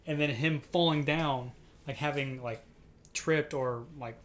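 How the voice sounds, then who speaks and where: A man co-hosting a casual podcast who tells stories in an animated way and acts out the quoted lines. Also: medium pitch, a little slow. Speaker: podcast co-host. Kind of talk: casual chat.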